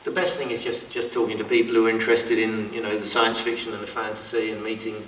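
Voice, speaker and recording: A man's voice: lowish voice, level tone, quick pace, fairly bright tone, a little hiss or hum. A man from North London, a first-time convention guest, bantering in a casual panel chat. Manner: chatty, teasing banter. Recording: roomy echo, mic far off.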